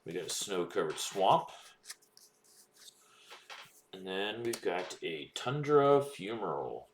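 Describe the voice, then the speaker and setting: A man casually commenting on a live stream while opening card packs, relaxed and rambling with fillers. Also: deep voice, slow. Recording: echoey room with faint noise.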